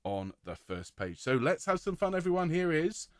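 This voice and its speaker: A man directing a choir rehearsal, giving clear, encouraging instructions and singing out rhythms to demonstrate them. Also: on the high side, sing-song, normal speed, no echo.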